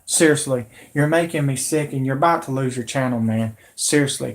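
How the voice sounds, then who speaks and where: A man's voice: mid-range voice, steady tone, moderate pace, few pauses. A man in his late thirties hosting his own channel, delivering a heated, repetitive, confrontational political rant. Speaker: channel host.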